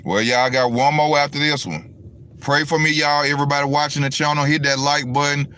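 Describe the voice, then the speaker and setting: A man's voice: a little high, steady tone, brisk, sharp tone, smooth. A man hosting a casual boxing talk stream, rambling and swearing as he talks straight to his viewers. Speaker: boxing commentary host. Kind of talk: casual livestream rant.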